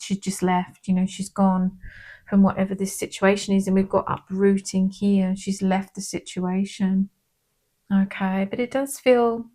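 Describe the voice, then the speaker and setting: A woman giving a casual tarot card reading in a gentle, reassuring manner, often checking in with "okay?". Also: mid-range voice.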